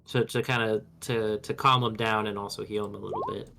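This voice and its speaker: Low-ish voice dude playing d&d on stream, joking around, laughs a lot, keyboard clacking. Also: male voice, little pitch movement, a little fast, creaky, bright, forceful tone. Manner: playful, laughs easily. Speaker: player. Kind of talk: casual tabletop chat.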